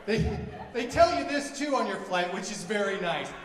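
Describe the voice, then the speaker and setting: A man in his forties performing a stand-up comedy set, telling exasperated stories and shouting his punchlines. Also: sits high, expressive, normal speed, crowd noise. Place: comedy venue with live audience. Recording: echoey venue from a distance, audience noise.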